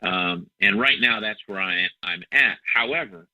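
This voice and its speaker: A man's voice: lowish voice, moderate pace, sharp tone, no room sound. Nasal middle-aged man, rambling and chatty. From Ohio, US. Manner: rambling, repeats words, self-mocking humor. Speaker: musician guest. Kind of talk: casual interview chat. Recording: dull dry phone-like audio.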